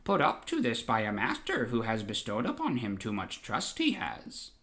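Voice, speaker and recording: A man's voice: mid-range voice, wildly swooping pitch, normal speed, sharp tone. A man voicing an ancient, small, wise male alien master who speaks with inverted word order. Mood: wry.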